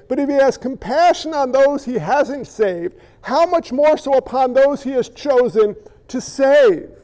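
High-voiced man preaching a sermon. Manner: animated, with quick asides to the congregation. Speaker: pastor.

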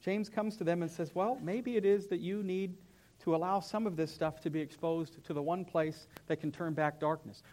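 A young man, a pastor, preaching a sermon in a church in an animated, conversational way. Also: fairly high pitch. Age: young adult. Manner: animated, conversational, acts out whiny voices. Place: church sanctuary.

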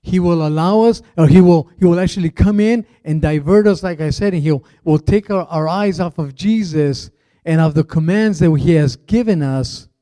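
A man's voice: fairly high pitch, moderate pace, warm tone, no echo. A middle-aged male pastor who preaches in a casual, conversational way, with rambling asides and fillers. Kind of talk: conversational sermon.

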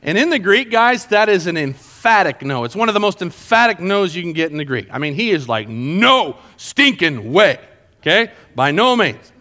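A man with a high voice teaches a Bible lesson to a small group. His pitch swings widely as he explains the verses. He keeps checking in with his listeners to make sure they are following. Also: big pitch swings, brisk, few pauses, bright, forceful tone.

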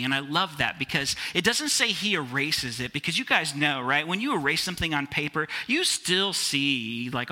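Bright-voiced male pastor preaching. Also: on the high side. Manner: conversational, addresses listeners as guys. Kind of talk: sermon.

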